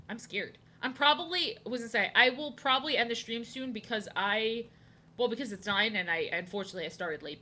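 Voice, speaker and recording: A young woman streams from home while she draws, rambling, joking, and often repeating herself. Her voice is mid-range with a sharp tone, and the setting is indoors.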